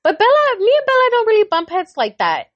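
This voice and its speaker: A woman's voice: extremely high pitch, fast talker, no echo, lo-fi sound. A woman in her thirties co-hosting a podcast, telling a heated story in casual chat, swearing a lot and acting out the quotes. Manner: animated storytelling, heavy swearing, acts out quotes. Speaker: podcast co-host.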